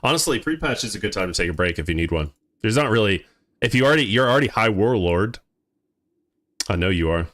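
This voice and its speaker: A man streaming a game live, chatting casually with viewers, excitable, laughing often and swearing casually. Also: fairly low pitch, quick pace. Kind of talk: casual live-stream chat while playing.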